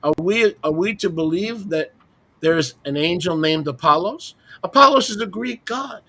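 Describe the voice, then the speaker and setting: A man with a notably high speaking voice teaches a group discussion from his desk. He hammers points with rhetorical questions and scornful little asides. He keeps it conversational, as if walking the others through his screen. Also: expressive, normal speed, sharp tone. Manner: emphatic, fires rhetorical questions, mocking asides. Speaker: Bible teacher leading a roundtable.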